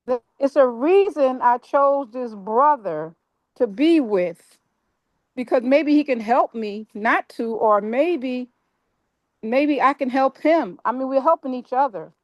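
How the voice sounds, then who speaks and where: A woman's voice: high-pitched, takes it slowly, no room sound, lo-fi sound. A woman in a casual group discussion, speaking politely and a little hesitantly as she works through her thought.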